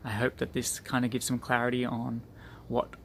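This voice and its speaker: A man's voice: mid-range voice, monotone, moderate pace, vocal fry, a bit bright, a little hiss or hum. A man giving an earnest motivational talk to his group, repeating phrases for emphasis. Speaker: group leader.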